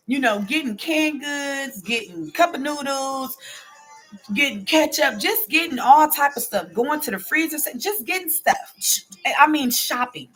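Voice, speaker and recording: A woman in her forties hosts a relaxed chat, telling stories straight to her viewers and reading their comments aloud as she goes. Her voice sits a little high. She keeps the talk loose, tossing in "okay?" and calling the audience "baby.". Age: 40s. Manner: reads viewer comments aloud and answers them. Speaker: host. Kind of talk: casual storytelling chat to viewers.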